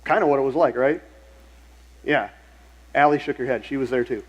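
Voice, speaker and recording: A man's voice: mid-range voice, moderate pace, lo-fi sound, slight background noise. A middle-aged male pastor preaching a sermon in a church, telling stories in a conversational way and repeating phrases for emphasis. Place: church sanctuary.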